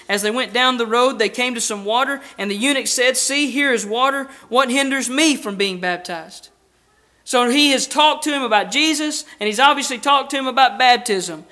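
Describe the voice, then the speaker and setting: A man preaching a sermon in a church, earnest and emphatic, asking rhetorical questions and dropping from loud to hushed. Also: very high voice. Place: church building with a baptistry.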